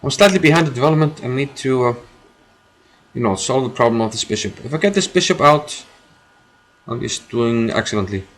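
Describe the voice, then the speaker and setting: A man streams his own chess game, commenting live as he thinks aloud, repeating phrases and filling pauses. His voice sits in the mid range with lively intonation.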